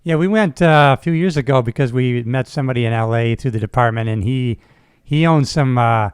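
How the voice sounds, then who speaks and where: Relaxed male host, dry close sound. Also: mid-range voice, brisk, clear, resonant tone, no echo. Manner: relaxed, conversational, with frequent fillers and affirmations. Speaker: podcast host, retired sheriff's deputy. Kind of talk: casual conversational interview.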